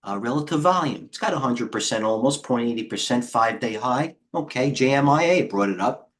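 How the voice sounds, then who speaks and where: A middle-aged man hosting a live trading stream, talking in a rambling, excitable way and chatting with viewers. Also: mid-range voice, fairly quick. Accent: New York. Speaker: trading coach hosting a livestream. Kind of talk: casual live market commentary.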